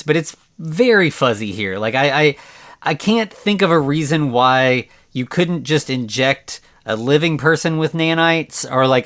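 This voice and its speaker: A man's voice: on the high side, fairly bright tone. Casual rambling male podcast host. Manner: rambling and conversational, heavy use of "like" and restarts. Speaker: podcast host recapping a horror film. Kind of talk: casual solo movie recap.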